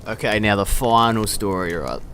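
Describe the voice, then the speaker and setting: A man's voice: lowish voice, moderate pace, slight background noise. A young man casually telling school camp stories, swearing and laughing often. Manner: profane, laughing, animated quoting of friends. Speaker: storyteller.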